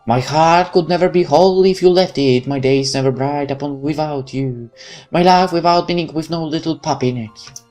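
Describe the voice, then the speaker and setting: A man voicing a tender young woman who soothes a crying girl in a soft, gentle voice. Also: on the high side, brisk, soft background music, natural voice. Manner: soft, comforting.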